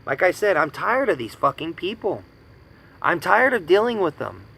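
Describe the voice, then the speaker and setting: A man's voice: high voice, sing-song, moderate pace, vocal fry, pushed and bright, husky, rough recording. A man in his thirties from the United States giving an angry personal rant, indignant and profane, hammering points with repetition. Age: 30s. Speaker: vlogger ranting.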